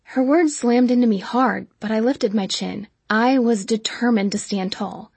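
A woman narrating a first-person novel as an audiobook in a steady, even storytelling manner. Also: fairly high pitch, measured pace, vocal fry, breathy edge, dry recording.

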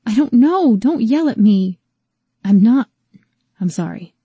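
A woman narrator voicing a strong-willed young woman who is shaken and quick to flare, speaking with intensity. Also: dark tone, slightly rough, dry recording, muffled recording. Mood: upset. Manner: intense, her pitch leaping up as she grows angry.

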